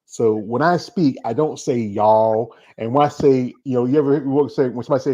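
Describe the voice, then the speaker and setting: Host: man, 40s, from North Carolina, rambling and repetitive, mid pitch, lo-fi recording. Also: brisk, few pauses, mellow, breathy edge. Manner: rambling, repeats words, plays with accents. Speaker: interview host. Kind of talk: casual interview chat. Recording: dull lo-fi sound.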